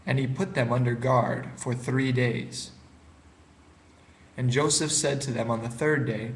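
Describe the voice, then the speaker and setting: A man giving a calm, steady, unhurried reading of scripture. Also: medium pitch. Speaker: scripture reader.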